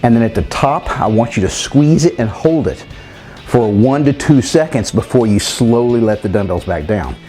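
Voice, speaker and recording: Fitness coach, male, mid-pitched, direct and upbeat delivery, light music underneath. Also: lively intonation, moderate pace, dark tone. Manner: direct, addresses viewers as guys, counts reps aloud. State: winded while exercising. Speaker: fitness trainer. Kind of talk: workout instruction.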